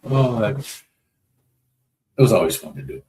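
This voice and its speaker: Low-voiced folksy man. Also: very animated, measured pace, dark tone. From North Dakota. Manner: easygoing, rambling, folksy. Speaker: livestream host. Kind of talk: casual livestream chat reading comments. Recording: echoey room with faint noise.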